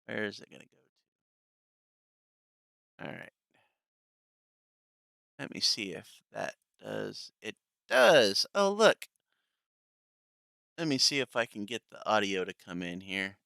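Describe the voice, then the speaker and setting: Streamer, male: gravelly, slow, sarcastic, casual swearing, bright dry tone. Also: on the low side, sing-song, no echo. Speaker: streamer commenting on clips. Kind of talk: live stream commentary.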